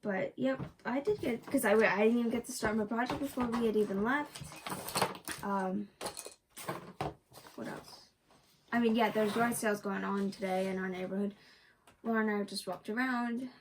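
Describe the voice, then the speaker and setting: A woman co-hosting a cross-stitch vlog, chatting in a relaxed, offhand way. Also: mid-range voice, moderate pace, pauses often, far from the mic, rough recording. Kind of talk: casual chat. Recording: off-mic with faint noise.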